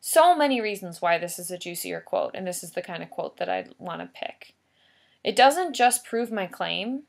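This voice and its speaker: A woman's voice: on the low side, lively intonation, normal speed, vocal fry. A woman teacher giving a recorded writing lesson, explaining patiently and stressing key points by repeating them. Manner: patient, explanatory, emphatic repetition.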